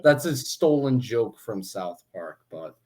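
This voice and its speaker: A man's voice: fairly low pitch, expressive, slow, a little mellow. A man co-hosting a casual sports podcast, chatty and joking, with many fillers and restarts. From Philadelphia area. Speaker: podcast co-host.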